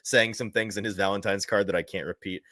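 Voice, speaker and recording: Bright-voiced rambling man, dry sound. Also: lowish voice, steady tone, fast, dry recording. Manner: rambling, self-interrupting, laughs at his own quotes. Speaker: co-host. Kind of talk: casual chat.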